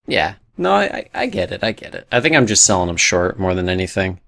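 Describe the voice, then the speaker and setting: A young man with a fairly low voice, chatting in a laid-back, wry way. The sound is dry and close, with no room echo. He talks casually with his co-host. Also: sing-song, fast, creaky, fairly bright tone. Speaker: podcast co-host. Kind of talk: casual chat.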